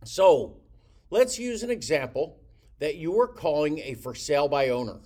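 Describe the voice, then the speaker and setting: A middle-aged man coaches real estate agents on prospecting calls, his pitch rising and falling in lively swoops. His voice sits a little high for a man. He slips into little acted phone dialogues to make his points. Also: moderate pace. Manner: animated, acts out phone calls with different voices. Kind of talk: teaching sales technique.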